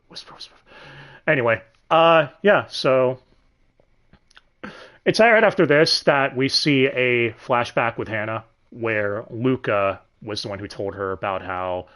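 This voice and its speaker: A man hosting a casual, profane review of an anime dub, sardonic and quick to laugh. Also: fairly low pitch, a bit bright. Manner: sardonic, swears freely, laughs often.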